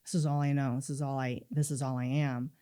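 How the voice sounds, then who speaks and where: In this interview, a middle-aged woman with a very deep, quick voice tells a personal story as a guest. She's animated and performs the dialogue she quotes.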